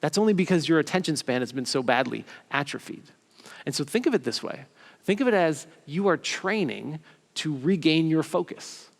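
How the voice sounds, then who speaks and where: A man preaching a sermon as a pastor, talking in a casual, halting way with many restarts and fillers, recorded in a church. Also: a little high, lively intonation, gravelly, in a large hall. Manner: conversational and halting, full of restarts and "like".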